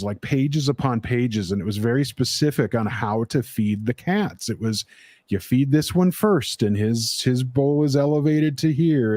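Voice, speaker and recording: A man's voice: mid-range voice, darkish tone, dry recording. A man hosting a casual livestream chat, rambling with many "uh" fillers, speaking on a video call mic. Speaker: livestream host.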